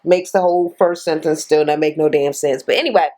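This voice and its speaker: A woman's voice: low-pitched, brisk, mellow. Blunt, profane woman ranting a recap. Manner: sarcastic commentary. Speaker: reality TV recap vlogger.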